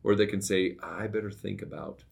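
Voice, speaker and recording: A middle-aged man, a podcast co-host, talking casually and telling lively stories, often checking in with "right?". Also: fairly low pitch, brisk, vocal fry. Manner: storytelling, animated when recounting, often asks "right?". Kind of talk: casual conversation.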